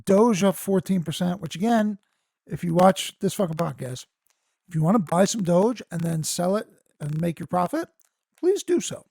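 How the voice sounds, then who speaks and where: Profane, excitable male podcast host. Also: moderate pace, vocal fry, husky. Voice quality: squeaky when worked up. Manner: profane, excitable, reads articles aloud with side comments. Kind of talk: casual news-reading podcast rant.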